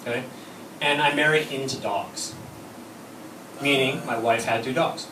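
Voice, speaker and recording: A man's voice: medium pitch, unhurried. Bawdy stand-up comic man, echoey room. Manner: bawdy, storytelling with acted-out quotes. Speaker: stand-up comedian. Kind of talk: stand-up comedy set. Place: comedy club stage. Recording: echoey room, from far off, noisy.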